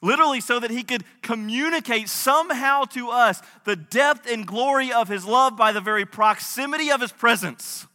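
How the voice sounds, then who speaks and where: A man in his thirties, a pastor, preaching a sermon, moving between soft storytelling and impassioned delivery. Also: extremely high pitch, normal speed, hardly any pauses. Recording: long hall reverb.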